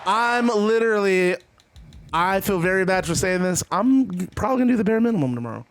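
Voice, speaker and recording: A man giving excited, casual play-by-play commentary on a wrestling video game he is playing, shouting at the big moments. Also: sits high, a little fast. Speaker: gamer commentating his own matches.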